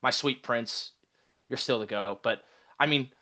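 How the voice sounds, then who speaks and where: A man's voice: medium pitch, a little slow, bright, forceful tone. Brief: man imitating a grumpy male fantasy manager, exasperated swearing rant, everyday mid voice. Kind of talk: mock impression in podcast chat.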